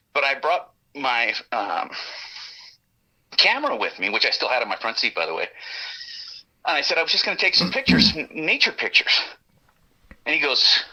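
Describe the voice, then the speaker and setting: A man telling a story as a guest, lively and profane, laughing often and acting out what the others said. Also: medium pitch, poor audio. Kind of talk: animated storytelling.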